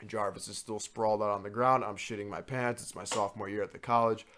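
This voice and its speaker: A man co-hosting a podcast, telling a story in a casual, animated and profane way. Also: on the low side, slight background noise. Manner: animated, profane, quick to act out others. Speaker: podcast co-host.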